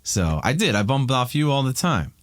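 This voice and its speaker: A man's voice: mid-range voice, very animated, normal speed, dry recording, clean studio sound. A man in his thirties from Ohio, a podcast guest talking candidly and rambling with many restarts in casual chat.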